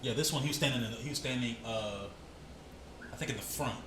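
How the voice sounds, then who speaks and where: A young man co-hosting a podcast, telling animated street stories in casual chat, swearing freely. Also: mid-range voice, quick pace, noisy background. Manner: animated, swearing, laughs at his own stories. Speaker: podcast co-host.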